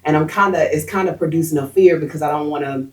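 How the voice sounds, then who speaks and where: A woman's voice: deep voice, fast talker, a little mellow. A woman in the audience asking the speaker a question, hesitant and thinking aloud. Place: audience in an event room. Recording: distant from the mic.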